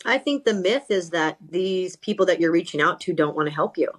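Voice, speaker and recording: A middle-aged woman, a sideline reporter, telling stories in a podcast interview, animated and full of restarts. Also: lowish voice, fairly quick. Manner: animated, self-correcting, lots of repeated starts. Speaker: sideline reporter and talent coach.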